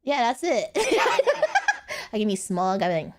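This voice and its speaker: Giggly, lively young woman streamer. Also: on the high side, takes it slowly. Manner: giggly, rambling, playful, laughs often. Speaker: VTuber streamer. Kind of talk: casual live-stream chat.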